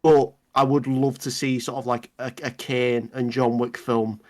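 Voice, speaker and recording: A man's voice: medium pitch, little pitch movement, a little slow. A man co-hosting a movie news podcast, talking casually with many hesitations and restarts, often agreeing. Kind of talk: casual chat.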